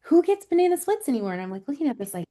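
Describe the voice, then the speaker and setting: A woman's voice: sits high, very fast. Chatty laughing woman co-host. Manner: animated storyteller, laughs often, many fillers. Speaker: podcast co-host. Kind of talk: casual chat.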